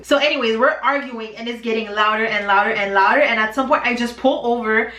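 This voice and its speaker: A woman's voice: on the high side, brisk, few pauses, pushed and bright. A woman in her twenties telling a dramatic storytime in a chatty, slangy way while doing her makeup. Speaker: beauty vlogger. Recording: roomy, distant from mic.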